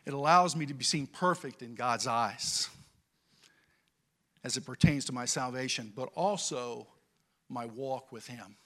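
A middle-aged man from California preaching a sermon and telling a childhood story, swinging from quiet to loud as he goes. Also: mid-range voice, unhurried. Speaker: pastor.

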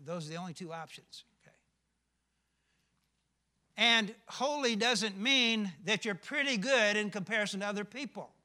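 A man's voice: high-pitched, sharp tone. An older male pastor preaching a sermon, emphatic, often asking the congregation questions.

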